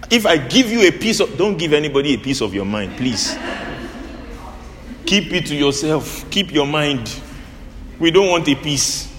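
A man preaching with a very lively, rising and falling pitch. He keeps asking his listeners questions and pausing for their replies. His voice rings with the long reverb of a church hall, and a faint ambience sits underneath. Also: slight background noise. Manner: animated call-and-response preaching. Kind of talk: sermon.

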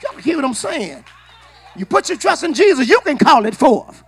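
A man preaching a sermon in a church, calling on the congregation to answer back. He often repeats and restarts his words, and he builds up to shouting. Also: very high voice, sing-song, moderate pace, faint music behind. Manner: call-and-response preaching, rising to shouts. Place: church sanctuary.

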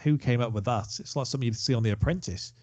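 A man's voice: mid-range voice, racing, a little mellow, no echo, highs cut off. A man co-hosting a casual film chat, chatty and digressive, given to self-deprecating asides. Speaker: podcast co-host.

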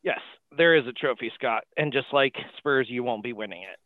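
A man's voice: medium pitch, lively intonation, a little fast, no room sound. A man co-hosting a casual sports podcast, teasing the others with dry jokes. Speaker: podcast co-host. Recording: dry, tinny phone-like line.

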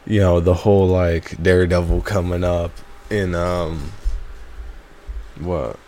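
A young man co-hosting a podcast, talking in animated, jokey banter and now and then slipping into mock voices. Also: sits low, takes it slowly. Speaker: podcast co-host. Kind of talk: casual banter.

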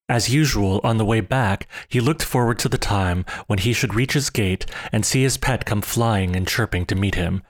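A man narrating a storybook in a steady, expressive read-aloud. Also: fairly low pitch. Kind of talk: storybook reading.

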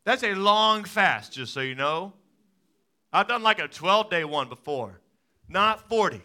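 A man in his thirties preaching a sermon as a pastor, telling stories with lively swings from loud excitement to quiet, soft talk. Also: sits high, a little slow. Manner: animated storytelling, rising to loud excited peaks then dropping soft.

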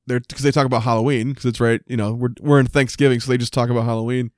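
A man's voice: medium pitch, very fast, no room sound, studio quality. A man casually recapping a TV episode with a friend, swearing freely and acting out lines from the show. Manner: animated retelling with quoted voices and frequent swearing. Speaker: podcast co-host.

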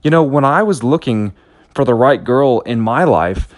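A man's voice: medium pitch, animated, moderate pace, no echo, clean studio sound. A man in his thirties giving a motivational talk, telling a personal story in an earnest, anecdotal way with frequent restarts.

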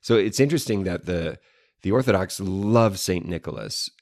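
A man's voice: sits low, normal speed, a little mellow, no echo, clean studio sound. A man co-hosting a casual chat show, explaining history in an easy, playful way. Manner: explanatory, playful with mock French phrases. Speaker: podcast co-host.

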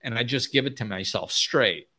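A man giving an unscripted motivational talk as a spiritual teacher, blunt and emphatic, often mimicking whiny voices in a high pitch. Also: normal speed, bright, forceful tone.

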